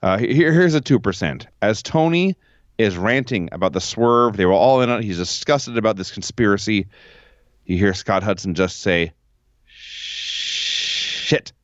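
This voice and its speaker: A man co-hosting a podcast from home, recapping with sarcastic, deadpan asides while his pitch moves around a lot. His voice sits in a middle register. The home recording sounds slightly dull and dry. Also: normal speed, no room sound. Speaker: podcast co-host. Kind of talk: casual chat.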